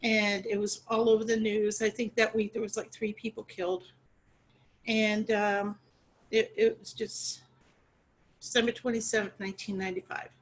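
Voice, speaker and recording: A middle-aged woman, a guest in an interview, talking about her late sister in an earnest, halting way, with many fillers and restarts. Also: medium pitch, flat delivery, low-quality recording. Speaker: guest, sister of a murder victim.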